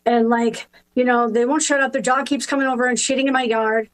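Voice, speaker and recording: Irritated woman caller, lots of "like", slightly high pitch, a woman performing. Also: fairly even intonation, brisk, close to an everyday voice, poor audio. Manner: cranky, swearing, full of "like". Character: irritated woman angry at her neighbor. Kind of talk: improv comedy scene. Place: video call from home.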